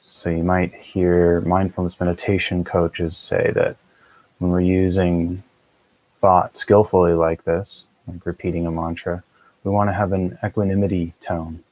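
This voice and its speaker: A man calmly guiding a meditation session as a teacher, speaking in a measured, unhurried way. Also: sits low, rough recording. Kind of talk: guided meditation instruction.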